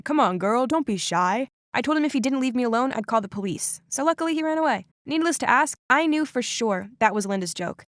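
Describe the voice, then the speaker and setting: Brief: woman narrator, scripted storytime, fairly high voice, dry studio sound. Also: no echo. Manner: expressive, dramatic storytelling. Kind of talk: scripted first-person narration.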